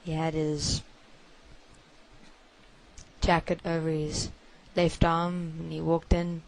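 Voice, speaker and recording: A woman recounts a confession in the first person. Her voice sits a little low, and she speaks very slowly. She talks in a halting, hushed way and circles back over the same phrases again and again. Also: level tone, poor audio. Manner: halting, hushed storytelling with many repetitions.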